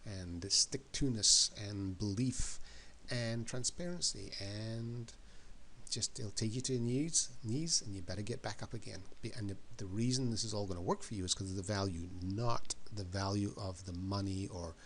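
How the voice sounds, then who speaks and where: A man's voice: on the low side, moderate pace, a bit bright, slight background noise. A man giving an emphatic motivational talk, often repeating words and questions for effect. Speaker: motivational speaker.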